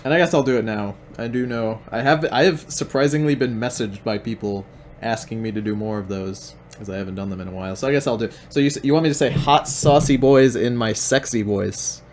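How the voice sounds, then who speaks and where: A man's voice: mid-range voice, a little fast, darkish tone, a little hiss or hum. A man hosting a stream, giving casual, jokey commentary over videos. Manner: wry and jokey. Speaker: stream host.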